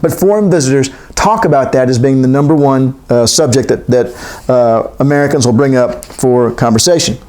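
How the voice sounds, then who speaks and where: A man's voice: medium pitch, moderate pace, a little mellow. A man giving a classroom lecture, reading from a text and wandering into joking asides.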